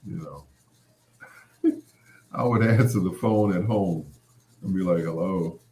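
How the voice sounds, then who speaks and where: A middle-aged man, hosting a show and telling stories in an animated way, laughing often and full of "you know" asides. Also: low-pitched, measured pace. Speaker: podcast host. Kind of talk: storytelling monologue.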